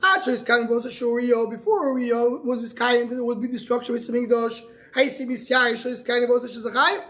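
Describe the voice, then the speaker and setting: A man with a notably high voice leads a Talmud class as a rabbi. He quotes each line of the text and then explains it in conversational English. His delivery halts often, repeating a word or two before the thought comes out. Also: a bit bright. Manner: halting, repeats words while searching for phrasing.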